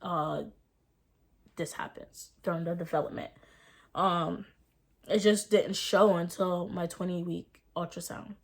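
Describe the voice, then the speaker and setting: A woman's voice: lowish voice, steady tone. A young mother telling her story in a casual personal vlog, speaking with emotion, using many fillers, and talking to viewers as "y'all.". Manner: fast, filler-heavy speech with rising and falling intensity. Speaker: vlogger and mother.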